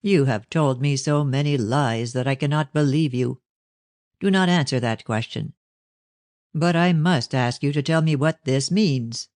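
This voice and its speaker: A man voicing a stern, guarded older Victorian father who speaks in a measured, ironic way in an audiobook. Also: medium pitch, a little mellow, no echo, clean studio sound, lightly acted. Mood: cold. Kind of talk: audiobook reading of a novel.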